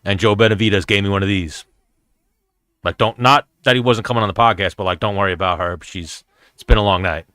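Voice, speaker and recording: A man's voice: lowish voice, a little fast, a bit bright, no echo. A man hosting his show, chatting casually and profanely as he reacts and tells stories. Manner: profane, storytelling. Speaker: show host.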